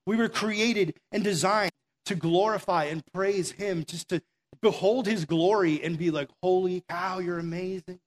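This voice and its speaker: High-voiced earnest young-sounding preacher man. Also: unhurried. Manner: earnest, conversational, acts out quoted prayers. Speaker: pastor. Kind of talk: sermon.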